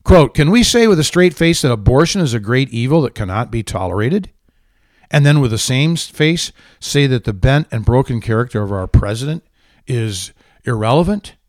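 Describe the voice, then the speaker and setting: A man's voice: mid-range voice, animated, normal speed, no echo. A man hosting a political talk show, ranting with heated, indignant sarcasm. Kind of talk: angry political commentary.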